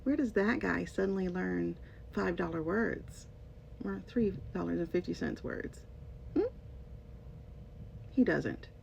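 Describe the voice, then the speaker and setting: A woman speaking slowly in a dark, gravelly voice, giving casual commentary straight to her viewers. Her delivery is sarcastic and pointed, with heavy emphasis. The recording sounds dull and lo-fi, with a faint rumble underneath. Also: expressive. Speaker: commentator, former English teacher.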